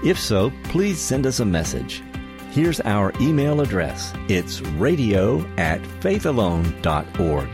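A man's voice: fairly low pitch, sing-song, takes it slowly. A male radio announcer reading an upbeat, inviting station promo. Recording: announcement over music.

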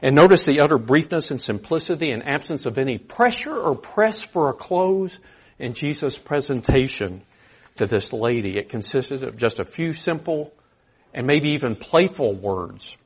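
A man preaching a sermon with a slightly husky, breathy voice at an average pitch. He talks in an earnest, conversational way and leans into animated emphasis. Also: normal speed.

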